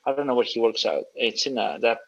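A relaxed man chatting as an interview guest, rambling through stories in a casual, friendly way and calling people dude and man. His voice sits at an ordinary pitch. The sound is somewhat dull and lo-fi. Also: fast. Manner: loose, storytelling, says dude and man a lot. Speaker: guest, coffee roaster.

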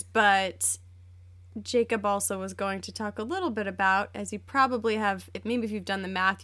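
A woman's voice: mid-range voice, a bit bright. A woman co-hosting a chatty podcast, giggly and playful. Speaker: podcast co-host. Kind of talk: casual chat.

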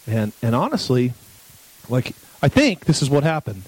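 A man's voice: medium pitch, wildly swooping pitch, moderate pace, a little mellow, slight background noise, rough recording. Man preaching a candid sermon. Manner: candid, conversational, restarts when emotional. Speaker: guest preacher. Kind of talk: personal story sermon.

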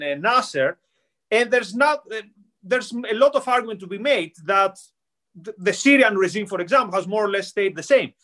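A man's voice: high-pitched, bright, forceful tone. A man co-hosting a political podcast, explaining history insistently with hesitant fillers. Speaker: podcast co-host. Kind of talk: casual political debate.

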